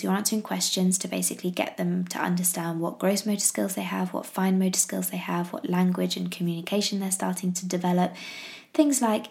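An Englishwoman in her thirties who hosts a parenting podcast chats casually about her baby, rambling with fillers and restarts. Her mid-range voice is gravelly and a little mellow.

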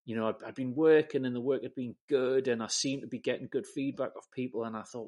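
A man's voice: medium pitch, fairly even intonation, fast, hardly any pauses, a little mellow. A man with an English accent, chatting as an interview guest, swearing freely and joking at his own expense. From England. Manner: sweary, self-deprecating storyteller. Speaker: guest, camera assistant. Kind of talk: casual interview chat.

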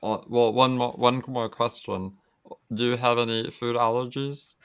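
A man's voice: medium pitch, little pitch movement, unhurried, smooth. A man playing a tabletop game with friends, asking dry, wry questions. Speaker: player. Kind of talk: casual tabletop game play.

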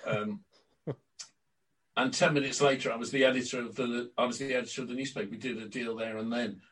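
An older man, a guest on an interview podcast, telling lively stories from his career and acting out quotes. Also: mid-range voice, brisk, distant mic, poor audio. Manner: lively raconteur, acts out quotes. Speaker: interview guest, former club announcer. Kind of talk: anecdotal storytelling.

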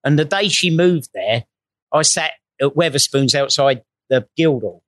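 A man's voice: fairly high pitch, animated, a little slow, a bit bright, dry recording. A man with a slightly raised voice tells stories in a loose, sweary way, slipping into quoted voices as he goes. The sound is dry and close, with no room around it. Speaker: guest. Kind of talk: casual storytelling chat.

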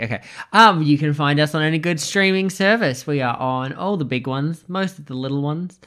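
A man's voice: a little high, moderate pace, hardly any pauses, fairly bright tone, clear, resonant tone. A man guesting on a podcast, chatting casually in a wry, joking way.

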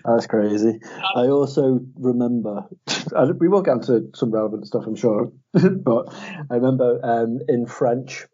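A man co-hosting a podcast tells stories in a husky, mellow voice and laughs as he talks. The sound is muffled and lo-fi. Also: mid-range voice, a little slow. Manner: laughs through his stories, chatty. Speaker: podcast co-host. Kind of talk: casual storytelling chat.

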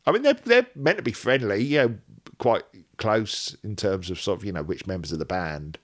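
A man's voice: lowish voice, lively intonation, moderate pace. A man co-hosting a podcast in casual chat, rambling and joking, often cutting himself off mid-sentence. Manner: rambling, self-interrupting, jokey. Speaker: podcast co-host.

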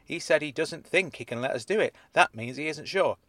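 A man's voice: on the high side, animated, fairly quick, sharp tone, dry recording, voice pushed up. A man voicing the reasonable inner voice of a man, patient, coaxing and level-headed.

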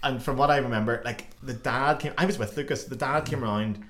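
Young guy hosting a podcast, talks fast, laughs a lot, does voices for the people in his stories. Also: mid-range voice. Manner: animated, laughing, swearing, acts out quotes. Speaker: podcast host. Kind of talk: casual storytelling chat.

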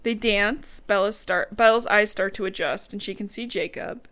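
A woman co-host in an easygoing podcast chat, telling a story in a relaxed, mid-range voice. She throws in blunt, sarcastic remarks as she goes. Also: medium pitch, normal speed. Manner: chatty, blunt sarcastic asides. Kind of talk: casual book-recap chat.

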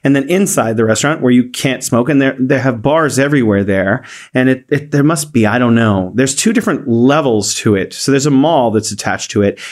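A man's voice: mid-range voice, fairly quick, hardly any pauses. Easygoing man co-hosting a chat show. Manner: rambling, descriptive, acts out voices in anecdotes. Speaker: podcast co-host. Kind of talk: casual chat.

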